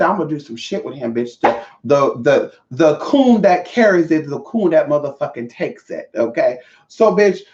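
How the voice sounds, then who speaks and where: Animated, foul-mouthed woman telling a story. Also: deep voice. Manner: animated, profane, talks straight to viewers. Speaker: vlogger. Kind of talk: casual storytime monologue. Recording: roomy, slightly dull audio.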